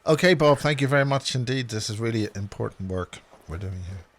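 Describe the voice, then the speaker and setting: A man's voice: mid-range voice, expressive, a little fast, a bit bright. A man hosting a casual interview, throwing in wry, joking asides.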